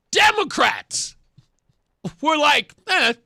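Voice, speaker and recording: A man's voice: high-pitched, sharp tone, no echo. A man hosting a talk radio show, giving sarcastic political commentary and laughing often. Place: radio studio.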